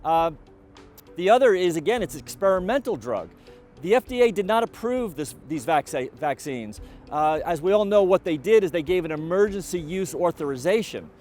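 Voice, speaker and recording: A middle-aged man giving a college president's video update, speaking in a measured, deliberate way with frequent fillers and restarts. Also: high voice, expressive, a little mellow, faint music behind.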